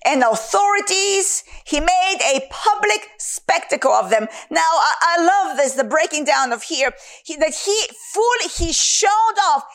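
A woman with a very high voice preaches a Bible teaching with slow, deliberate pacing. Her pitch swings widely as she stresses words and repeats short phrases for emphasis. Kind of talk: sermon teaching.

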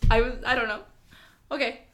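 A woman's voice: fairly high pitch, fairly even intonation, fairly quick, a bit bright, slight background noise. A young woman co-hosting a casual chat podcast, giggly and rambling, often breaking into laughter. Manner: giggly, rambling, sings snatches of songs. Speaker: podcast co-host.

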